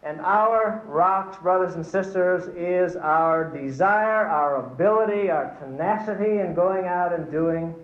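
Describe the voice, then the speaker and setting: An earnest male preacher with a fairly high voice delivers a storytelling sermon. The sound bounces around a big hall, and the recording is dull and lo-fi. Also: measured pace, hardly any pauses. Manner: earnest, testifying, addresses brothers and sisters. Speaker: church speaker.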